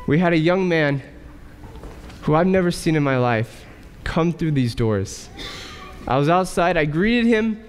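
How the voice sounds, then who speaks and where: A male pastor preaching a sermon in a church, asking rhetorical questions and pausing for effect. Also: high voice, clean tone. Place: church sanctuary. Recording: church hall reverb.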